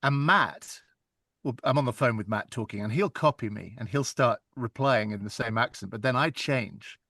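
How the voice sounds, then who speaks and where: A man talks about his narrating work in a relaxed, animated interview, his voice sitting at an ordinary middle pitch. The sound is dry and close, with no room around it. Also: normal speed, vocal fry, no echo. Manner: chatty, animated storytelling with laughs. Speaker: audiobook narrator, guest. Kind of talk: casual interview chat.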